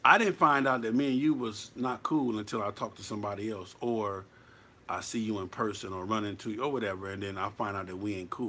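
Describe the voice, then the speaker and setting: A man's voice: lowish voice, fairly quick, pushed and bright, slight background noise. A man giving blunt, profane, preachy advice as a motorcycle club member in a casual monologue.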